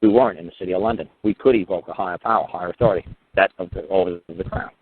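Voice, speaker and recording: A man's voice: low voice, racing, husky. A man telling a courtroom story in a casual, profane, emphatic monologue, sometimes raising his voice to mimic others. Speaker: radio talk host. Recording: tinny phone-line audio.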